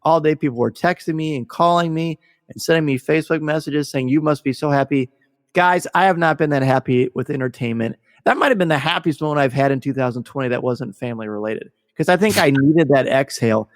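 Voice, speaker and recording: A man hosting a casual podcast discussion, gushing and excitable as he tells a story. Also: a little high, a little fast, no echo, studio quality, long reverb tail. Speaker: podcast host.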